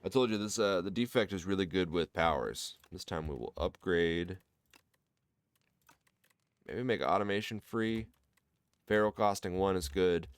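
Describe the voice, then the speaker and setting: Low-voiced Midwestern man narrating a card game. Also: a little slow, pauses often, smooth, no room sound. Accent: American Midwest. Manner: thinks aloud, explains card choices to viewers. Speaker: gameplay commentator. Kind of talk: relaxed let's-play commentary.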